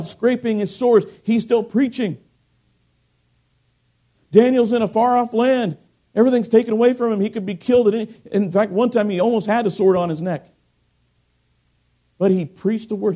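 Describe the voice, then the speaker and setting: High, emphatic man preaching a sermon. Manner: emphatic, swinging from loud bursts to quiet asides.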